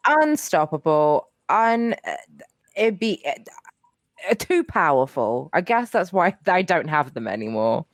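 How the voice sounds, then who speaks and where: A woman's voice: on the low side, big pitch swings, a little slow, no room sound, clean studio sound. A young woman co-hosting a podcast in casual chat, rambling with lots of fillers and casual swearing. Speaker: podcast co-host.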